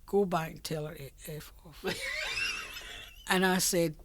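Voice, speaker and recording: A woman's voice: fairly low pitch, steady tone, normal speed, noisy background. An older Scottish woman reminiscing about her working life in a chatty, storytelling way, laughing often. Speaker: interviewee. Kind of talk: reminiscing oral history.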